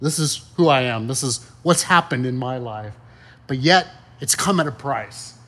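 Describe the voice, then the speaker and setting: A man's voice: mid-range voice, animated, normal speed, fairly bright tone. A man preaching a sermon in a conversational, folksy way, full of rhetorical questions and asides. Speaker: pastor.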